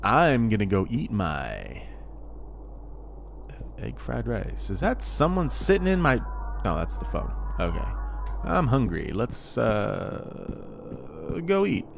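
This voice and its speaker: A man's voice: on the low side, huge pitch swings, slow pace, pauses often. A man hosting a horror game playthrough with wry, mock-dramatic muttering. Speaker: gaming video host. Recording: clear background noise.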